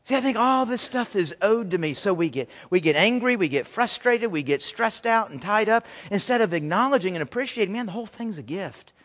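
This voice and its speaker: A male pastor giving a conversational, animated sermon, acting out quoted voices as he goes. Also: high-pitched, fairly quick, hardly any pauses, long reverb tail.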